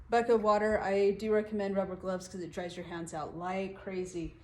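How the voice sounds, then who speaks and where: A woman's voice: on the low side, steady tone, a little fast, few pauses, a little mellow. A middle-aged woman giving a casual, rambling how-to walkthrough of fixing walls in her home. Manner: chatty, rambling, self-deprecating. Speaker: home DIY vlogger. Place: home interior, room being renovated. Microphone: handheld phone or camera on tripod.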